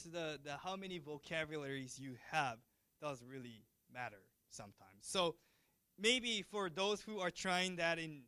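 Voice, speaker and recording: A man giving a chatty, lively university lecture, asking the class questions as he goes. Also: on the high side, no echo. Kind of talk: classroom lecture switching between Japanese and English.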